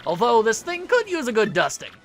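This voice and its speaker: A man's voice: very high voice, wildly swooping pitch, a little fast, soft background music. A man giving casual, joking commentary while playing a video game, rambling playfully. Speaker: let's play commentator.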